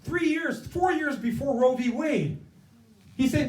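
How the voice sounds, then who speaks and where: An older man delivers a rousing campaign speech, his voice sitting fairly high for a man. He drives his points home through repeated lines. The sound is roomy and picked up from some distance. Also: animated, moderate pace, darkish tone. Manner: impassioned, rousing, repetitive cadences. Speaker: campaign guest speaker. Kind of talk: stump speech. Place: indoor event space. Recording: echoey room, mic from far off.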